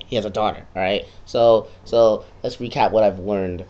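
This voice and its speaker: A man with a somewhat low voice talks through a video game he just played, casual and loose. He is sarcastic and swears freely, often breaking into quick quoted lines as he retells it. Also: fairly even intonation, mellow.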